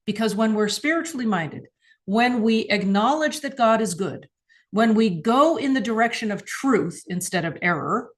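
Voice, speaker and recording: A woman hosting a spiritual mindset show, teaching in a casual, earnest way, acting out questions and laughing now and then. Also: a little high. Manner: earnest, animated, laughs often, acts out questions.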